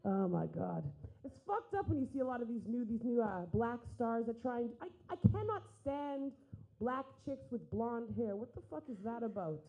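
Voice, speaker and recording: A woman's voice: on the high side, big pitch swings, moderate pace, muffled recording. A young woman doing a stand-up comedy set, brash and profane, acting out the voices of people in her stories.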